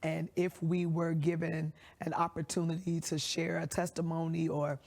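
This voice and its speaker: A woman pastor telling her story in an interview, measured and reflective. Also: sits low, level tone, a little mellow. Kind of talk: interview answers.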